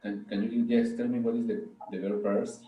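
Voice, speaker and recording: A man's voice: lowish voice, level tone, normal speed, dark tone. A man answering as a student in an online English class, hesitant and asking for help. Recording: roomy, distant mic with faint background hum.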